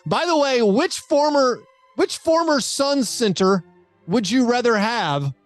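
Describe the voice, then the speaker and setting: A man's voice: extremely high pitch, expressive, measured pace, no room sound. Rambly guy hosting a podcast, lots of ums, dry sound with faint music. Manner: rambling, lots of fillers and restarts. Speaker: podcast host. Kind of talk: casual chat.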